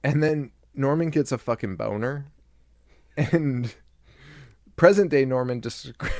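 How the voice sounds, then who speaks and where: A man's voice: mid-range voice, unhurried, pauses often, a little mellow, no room sound, studio quality. A man co-hosting a podcast, recapping a film in casual, profane chat, laughing often and acting out lines. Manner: laughing, loose and profane, acts out quotes. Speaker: podcast co-host.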